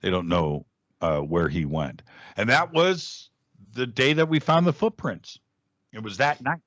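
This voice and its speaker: Middle-aged male radio host as a guest, low voice, lively anecdote teller with plenty of restarts; dull, dry recording. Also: measured pace, no echo. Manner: animated storyteller, jumps up in pitch when acting out quoted speech, frequent restarts. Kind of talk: casual storytelling in a podcast interview.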